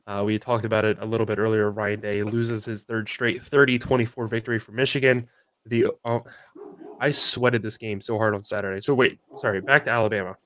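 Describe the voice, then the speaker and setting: A man's voice: lowish voice, steady tone, brisk, fairly bright tone, dry recording. A young man co-hosting a sports podcast, telling a long story in a casual, rambling way with many fillers and restarts. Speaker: podcast co-host.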